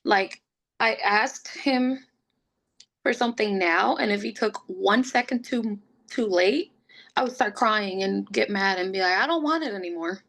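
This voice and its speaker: A young adult woman, a podcast guest, telling her pregnancy story in a casual, chatty way, full of "like" and quick laughs, open and emotional. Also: mid-range voice, creaky, a bit bright. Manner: chatty, fills speech with "like", laughs often.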